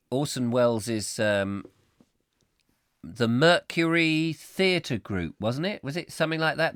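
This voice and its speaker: Male host, chatty and rambling, lively pitch. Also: no room sound, clean studio sound. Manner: rambling, playful, self-mocking, hums tunes. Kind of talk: live comic chat show, reading viewer comments.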